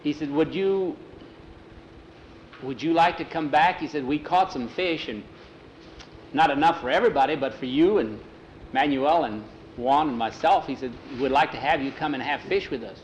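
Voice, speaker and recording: Male oral storyteller, casual folksy telling with character voices, mid-pitched, room echo, faint background hiss. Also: moderate pace, highs cut off. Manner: relaxed folksy telling, slips into broken-English character voices. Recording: roomy, faint ambient noise.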